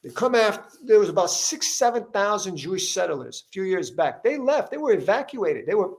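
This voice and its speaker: Guy hosting an interview, high voice, keeps restarting and gets louder as he goes. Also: very animated, brisk, creaky. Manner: emphatic, repetitive restarts, voice rising as he gets worked up. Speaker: podcast host interviewing a politician. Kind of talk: heated conversational interview.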